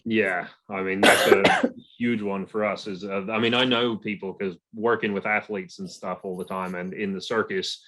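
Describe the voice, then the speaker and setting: A man with a lowish, flat voice hosts a podcast. He asks his guest a long question and hesitates as he looks for the right words. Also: normal speed, slight background noise. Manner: hesitant, searching for words, many fillers. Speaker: podcast host. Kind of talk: podcast interview.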